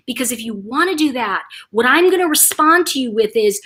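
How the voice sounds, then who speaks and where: Brief: a woman from New York State as a livestream host, lively pitch, slightly husky. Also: fairly quick, few pauses. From Buffalo, New York, USA. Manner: animated, talks in dramatized quotes. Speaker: channel host. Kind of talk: livestream chat.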